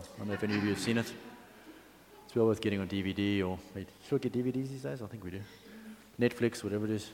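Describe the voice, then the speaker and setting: A man's voice: fairly low pitch, a little mellow, a little hiss or hum. A man preaching a sermon in a conversational, chatty way, with asides and fillers. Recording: long hall reverb.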